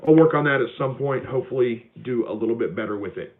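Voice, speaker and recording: A man with a medium-pitched voice talks fast while hosting a homestead livestream, casually answering viewer questions with lots of fillers and restarts. He's recorded on a phone, so the audio sounds tinny.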